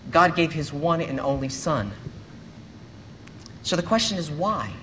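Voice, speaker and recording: Earnest man preaching in a higher voice. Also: lively intonation, sharp tone, slight background noise. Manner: earnest, measured preaching with rhetorical questions. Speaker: pastor. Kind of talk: sermon. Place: church service with a congregation.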